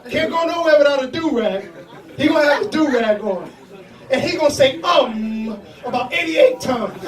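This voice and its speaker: A young stand-up comic, his voice very high-pitched and animated, moves at a moderate pace through a loose, profane set in a comedy club, laughing at his own jokes. The echoey distant recording picks up audience noise, laughter and reactions from the crowd.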